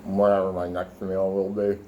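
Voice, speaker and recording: A young man with a fairly low voice talks casually from his room, eating as he goes. He rambles loosely, full of fillers and the odd curse, and keeps an easygoing vlog tone throughout. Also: monotone, normal speed, lo-fi sound, slight background noise. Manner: rambling, profane, filler-heavy, talking while eating. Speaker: vlogger. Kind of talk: casual food vlog with rant.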